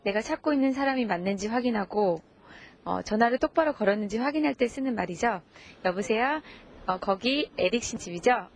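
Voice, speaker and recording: A woman's voice: a little high, lively intonation, racing. A woman actor greeting viewers politely and explaining a phrase. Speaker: guest actor.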